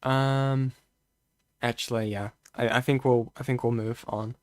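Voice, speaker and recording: A man's voice: medium pitch, fairly even intonation, a little slow, no room sound. A man giving casual live-stream commentary, thinking aloud with restarts, frequent okays and the odd curse, close to his mic. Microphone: close desk mic.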